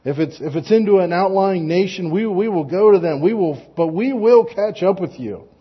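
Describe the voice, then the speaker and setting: A man's voice: high-pitched, expressive, normal speed, husky, muffled recording. A man preaching a conversational sermon in a plain-spoken way, often restarting and repeating words and dropping light joking asides.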